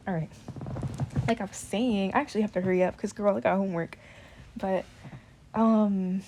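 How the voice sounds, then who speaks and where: Gravelly low-voiced young woman rambling. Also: dark tone. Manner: rambling, filler-heavy slang with swearing; nervous. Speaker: student vlogger. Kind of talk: casual confessional chat.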